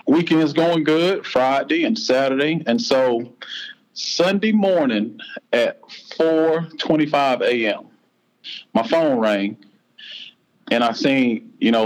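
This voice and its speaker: A man's voice: mid-range voice, takes it slowly, long pauses, poor audio. A man in his forties with a Southern US accent, telling a personal story as a podcast guest in an earnest, heartfelt way. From North Carolina, US.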